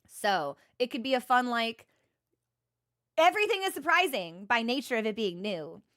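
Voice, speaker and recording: A woman's voice: on the high side, very animated, normal speed, a bit bright. A young woman streaming and chatting with viewers, rambling and self-deprecating, often restarting her sentences. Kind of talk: casual chat with stream viewers.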